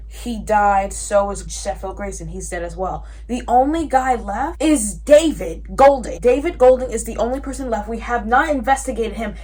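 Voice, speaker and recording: A woman reacting to a book in a casual reading vlog, animated and exasperated, swinging between loud outbursts and tired mumbling. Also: fairly high pitch. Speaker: book vlogger.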